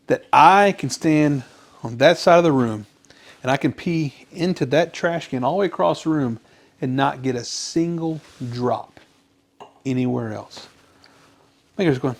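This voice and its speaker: A man co-hosting a casual podcast, telling a long joke with lively character voices. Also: moderate pace. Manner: animated joke-teller, jumps to high pitch for characters. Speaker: podcast co-host.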